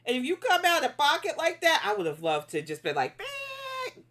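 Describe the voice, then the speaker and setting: A woman's voice: high voice, very animated, fast, a bit bright. Blunt woman hosting a live stream. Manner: blunt, scolding toward chat trolls. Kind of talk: casual live-stream commentary.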